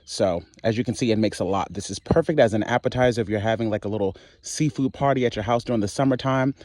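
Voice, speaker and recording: A man from Maryland hosting a casual cooking tutorial in his home kitchen, sassy and animated, calling viewers honey and swearing casually. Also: fairly low pitch, fast talker. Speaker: cooking channel host.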